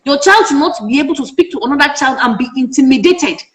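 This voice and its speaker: A woman's voice: high voice, expressive, quick pace, a bit bright. A middle-aged Nigerian woman, a parenting educator, speaking passionately in an interview and firing off emphatic rhetorical questions. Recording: echoey room.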